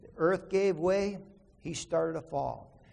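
A man's voice: a little high, slow, vocal fry, darkish tone, big-room sound. A man preaching an earnest sermon, telling a story and then teaching from scripture with emphasis. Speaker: pastor.

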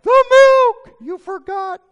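A man voicing an exasperated wife who scolds her husband in a shrieking falsetto, in an echoing hall. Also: slow, fairly bright tone, heavily acted. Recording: echoey hall reverb.

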